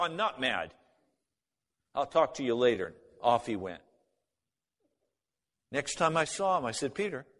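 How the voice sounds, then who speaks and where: A man of middle pitch tells a personal testimony, voicing both sides of old conversations. His voice carries a long reverb, as if recorded in a large hall. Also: a bit bright. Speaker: speaker giving a personal testimony. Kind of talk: spoken testimony storytelling.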